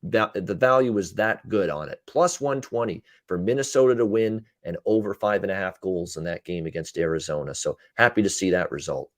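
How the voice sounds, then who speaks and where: A man hosting a casual sports betting chat, recapping games in quick runs with frequent "uh" fillers. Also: sits low, dry recording, studio quality. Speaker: betting show host and handicapper.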